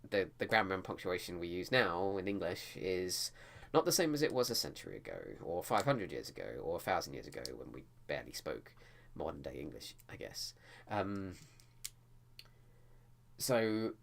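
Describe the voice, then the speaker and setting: A man's voice: sits low, big pitch swings, moderate pace, gravelly. A man talking casually to camera about editing his book, rambling with frequent restarts. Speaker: writing vlogger.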